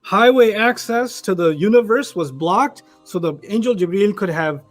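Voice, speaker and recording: A man teaching a Quran lesson as a story, acting out quoted voices and reciting Arabic quickly. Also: sits high, soft background music.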